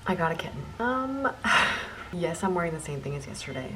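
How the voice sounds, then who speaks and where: A young woman chatting casually for her vlog at home, breaking into high baby talk at times. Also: very animated, moderate pace, very noisy. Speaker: vlogger. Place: home bedroom, indoors.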